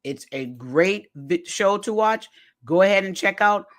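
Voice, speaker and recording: A talkative podcast host runs through a reality show episode in casual commentary and speaks straight to the audience. The voice is animated and bounces widely in pitch. Phrases come back again and again for emphasis. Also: measured pace. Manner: addresses listeners directly as "y'all".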